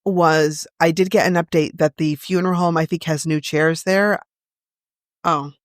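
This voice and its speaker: A young adult woman co-hosting a podcast in casual chat, slangy and expressive, often laughing as she talks. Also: sits low, normal speed, no echo. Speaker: podcast co-host.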